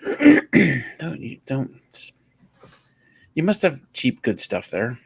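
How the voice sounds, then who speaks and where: A man with a gravelly, husky voice chats casually with a livestream host. His pitch swings around a lot, and he tosses off teasing, jokey remarks. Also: huge pitch swings, drawn-out words, dry recording. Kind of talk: casual chat.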